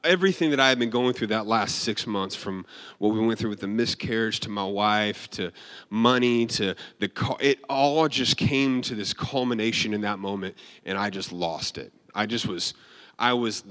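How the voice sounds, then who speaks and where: A man preaching a sermon, telling a personal story in a conversational, animated way with frequent restarts. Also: lowish voice, moderate pace.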